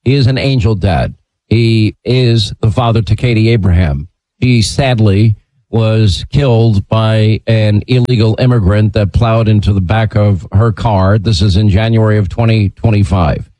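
A man hosting a talk radio show, speaking in a brisk, emphatic way. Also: on the low side, dark tone, dry recording, rough recording.

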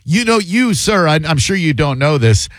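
A man hosts a call-in radio show with a wry, opinionated manner, his voice sitting a little high. The studio mic is close and dry, with no room sound. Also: big pitch swings, normal speed, a bit bright, no room sound. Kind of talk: casual call-in banter.

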